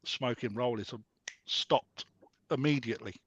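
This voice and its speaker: A man's voice: medium pitch, normal speed, fairly bright tone, breathy edge, no echo. A man telling blunt, sweary stories in a casual group chat over a video call. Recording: dull lo-fi call audio.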